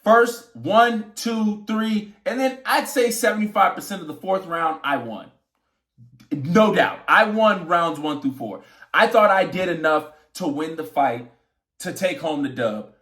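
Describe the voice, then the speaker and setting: Young male boxer, a little high-pitched, echoey room, animated storytelling with swearing. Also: a little slow. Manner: animated, swearing, acts out quotes. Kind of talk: casual storytelling vlog.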